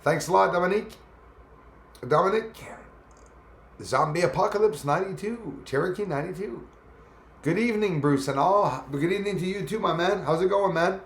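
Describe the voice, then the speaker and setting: A man's voice: sits high, normal speed. A man hosting a casual live stream, chatting loosely and greeting viewers by name as their comments come in. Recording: echoey room.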